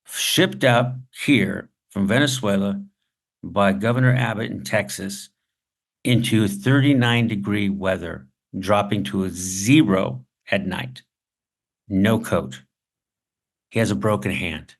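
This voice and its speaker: A man giving a masterclass on writing, telling anecdotes with dramatic pauses. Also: lowish voice. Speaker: writing instructor. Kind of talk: masterclass storytelling lesson.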